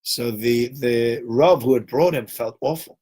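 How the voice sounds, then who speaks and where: A rabbi giving a weekly Torah talk, telling a story in an animated way and acting out the characters' voices. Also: male voice, mid-range voice, measured pace, husky. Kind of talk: storytelling sermon.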